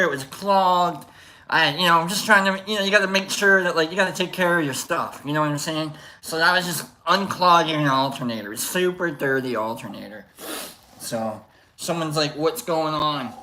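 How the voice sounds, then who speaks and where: Bright, joking live-stream host man. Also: high voice, brisk, slight background noise, poor audio. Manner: jokey, rambling, laughs a lot. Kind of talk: casual live-stream chat.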